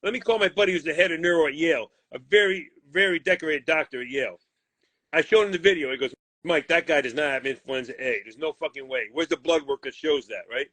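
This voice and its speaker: With no echo on the recording, a fast-talking boxing manager with a fairly high pitch bluntly retells a deal gone wrong. His heated storytelling interview is full of swearing and animated quoted dialogue.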